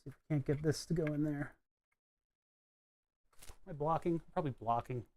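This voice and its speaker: A man's voice: a little high, normal speed, mellow. A man chatting casually on a live stream while he tinkers with electronics at his workbench, rambling and wry, with the odd swear. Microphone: desk microphone.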